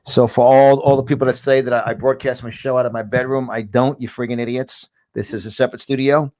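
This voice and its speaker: A podcast host with a New York accent, talking in a rambling, fired-up way from a large studio. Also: male voice, mid-range voice, fairly even intonation, fast, a little mellow. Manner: rambling, fired up, repeats words. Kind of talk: animated talk-show chat.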